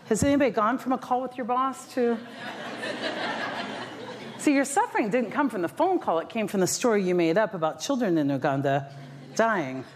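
A middle-aged woman giving a motivational keynote talk to a live audience, telling stories in an animated, self-mocking, dramatic way. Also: mid-range voice. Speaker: motivational speaker. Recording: echoey hall with faint noise.

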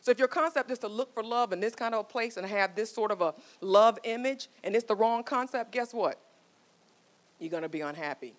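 A woman's voice: on the high side, fairly quick. A woman in her forties giving a motivational talk, telling stories and coaxing the audience with questions. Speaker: marriage speaker.

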